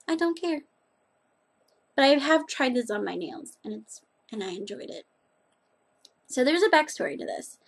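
A woman's voice: a little high, gravelly. A woman chatting casually in a rambling, self-deprecating way as she reviews nail polish on her vlog.

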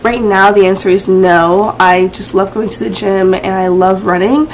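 A teenage girl vlogging in a casual, chatty way, full of "um" and "like", her voice hoarse and rough. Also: mid-range voice, fairly even intonation, moderate pace, slight background noise. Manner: chatty, many fillers like "um" and "like". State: hoarse, voice partly gone. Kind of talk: casual vlog chat.

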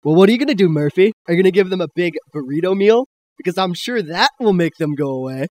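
A man's voice: high voice, animated, quick pace, darkish tone. A teenage boy playing a boastful teen superhero in an amateur comedy sketch, cocky and teasing. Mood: mocking. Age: late teens. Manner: cocky, teasing, squeals when mimicking girls.

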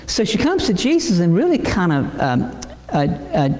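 A male pastor delivering a sermon, halting with many repeated words and fillers. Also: high voice, wildly swooping pitch, darkish tone. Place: church sanctuary. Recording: echoey church hall.

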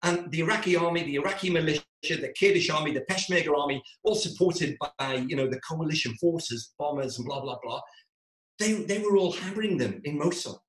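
A man telling a comic story to a live-streamed audience, acting out his own panicked lines in a shrill voice. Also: a little fast, reverberant, poor audio. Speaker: stand-up storyteller.

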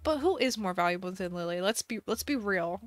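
A woman's voice: medium pitch, animated, fairly quick. A woman live-streaming a game, casually reading viewer questions aloud, playful and giggly with bursts of mock outrage.

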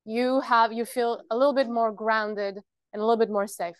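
A woman's voice: fairly high pitch, steady tone, normal speed, no echo. A woman presenting a practical workshop, explaining earnestly and checking in with her listeners.

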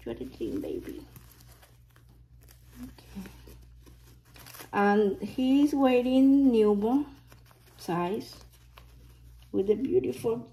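Slow, gushing woman whispering in awe. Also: on the high side. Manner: gushing, often dropping to an excited whisper. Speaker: reborn doll unboxing vlogger. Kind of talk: casual unboxing commentary.

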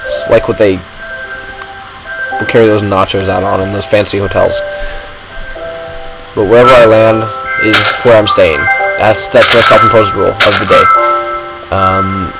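A man's voice: fairly low pitch, little pitch movement, moderate pace, gravelly, pauses often, over loud music, low-quality recording. A man giving rambling, self-mocking commentary while playing a video game. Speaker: gaming vlogger. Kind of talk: casual gameplay commentary.

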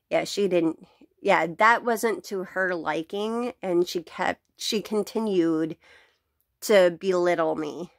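A woman's voice: on the low side, a little slow, creaky, no room sound, clean studio sound. A woman venting bluntly to camera about her day, swearing freely and laughing between sentences, recorded at home. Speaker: vlogger. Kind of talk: casual venting rant to camera.

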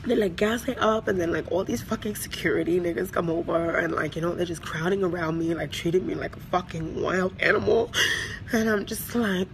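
A woman's voice: lowish voice, a little fast. A woman on tour venting angrily into her phone at an airport, swearing hard and stringing together filler words. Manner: profane, ranting, heavy filler words. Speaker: recording artist on tour. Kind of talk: angry venting selfie monologue. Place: airport terminal. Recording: noisy phone recording with vehicle sounds.

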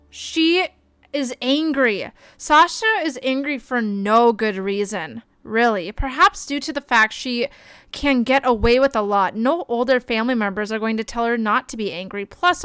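Young woman, streamer, excitable, chatty, smooth clear voice, gaming commentary. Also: a little high, no room sound. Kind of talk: casual gameplay commentary.

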